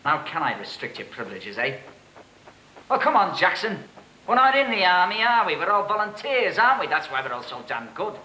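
A man's voice: mid-range voice, fairly quick, hardly any pauses, bright, forceful tone, rough recording. A man playing a stern, sardonic cadet force officer who needles a cadet with dry questions. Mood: questioning. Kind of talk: amateur drama acting.

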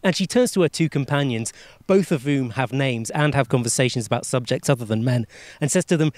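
A man telling a long, rambling joke as a scripted comic monologue in a deadpan way. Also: medium pitch, a little fast, no echo. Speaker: comedian, narrator.

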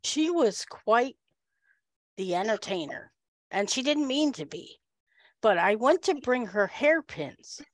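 Animated woman telling a funny story. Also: a little high, takes it slowly, no room sound. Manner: animated, acts out the people in her story. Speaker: club speaker. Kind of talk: humorous storytelling speech.

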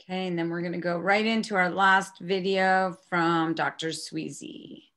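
Female workshop presenter; lower voice, relaxed and friendly. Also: moderate pace. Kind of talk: online conference session.

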